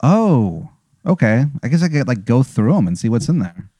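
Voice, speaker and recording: A man's voice: mid-range voice, big pitch swings, moderate pace, dark tone, breathy edge, dry recording, clean studio sound. A man playing a tabletop game, laid-back, laughing easily and swearing casually. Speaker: player.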